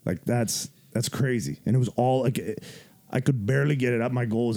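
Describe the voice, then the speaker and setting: A man with a mid-range voice tells a gym story on a podcast at a fairly quick pace. He swears freely and laughs, animatedly acting out what people said in quoted voices.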